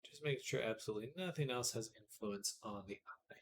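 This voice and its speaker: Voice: mid-range voice, quick pace. A streamer giving casual live commentary while working, muttering to themself and chatting with viewers.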